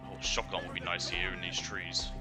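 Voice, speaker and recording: A man's voice: low-pitched, monotone, fairly quick, over loud music. A man with an Australian accent, chatting casually while playing a video game on stream. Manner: chatty and rambling.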